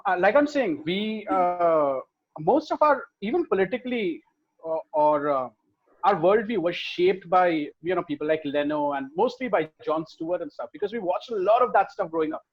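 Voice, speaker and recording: A man co-hosting a podcast, reading viewer comments and telling stories in a casual, swearing, animated way. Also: high voice, moderate pace, dull audio. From India. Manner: swears freely, animated storytelling. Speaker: podcast co-host.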